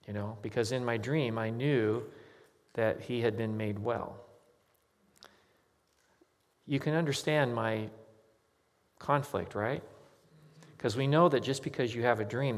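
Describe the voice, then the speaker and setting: A man preaching as a pastor, speaking at an ordinary middle pitch. He tells his story earnestly and conversationally, like a sermon testimony. A long reverb hangs on his voice, as in a large hall.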